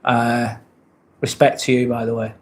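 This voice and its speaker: A man with a British accent hosts a casual live stream from indoors. His voice sits at an ordinary middle pitch, and his talk is loose and meandering. He keeps thanking the viewers whose comments he reads. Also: measured pace. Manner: relaxed, rambling, thanks viewers often.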